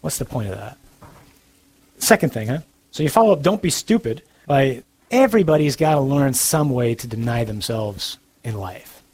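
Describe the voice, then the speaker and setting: Earnest, blunt, husky-voiced male speaker. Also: mid-range voice, animated, moderate pace, darkish tone. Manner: earnest, blunt, with dry humor. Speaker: Catholic speaker. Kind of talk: sermon-like talk to young adults.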